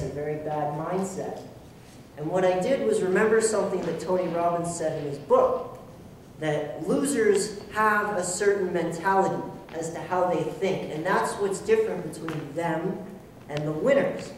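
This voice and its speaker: A motivational speaker gives an earnest, self-deprecating talk to a club audience, acting out his own inner voice. He has a high voice and a moderate pace. The room is echoey, he sounds far off, and there is a little hiss or hum.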